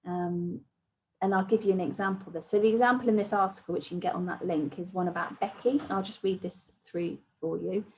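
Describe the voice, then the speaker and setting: A woman presenting an online training session, explaining patiently and often softening points with "sort of" and "kind of". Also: fairly low pitch, steady tone, a little fast, a little hiss or hum, rough recording.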